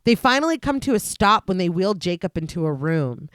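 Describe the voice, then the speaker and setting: A woman's voice: on the low side, fairly quick, no echo. Woman narrating a film recap, dry sound. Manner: steady, descriptive narration with dry asides. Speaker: podcast host recapping a film. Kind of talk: reading a scripted plot recap.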